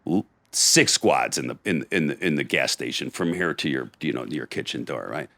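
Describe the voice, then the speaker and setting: A middle-aged man, a podcast guest, telling a rough street story in gritty, blunt talk. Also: very deep voice, expressive, moderate pace, bright, forceful tone, dry recording. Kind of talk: storytelling in conversation.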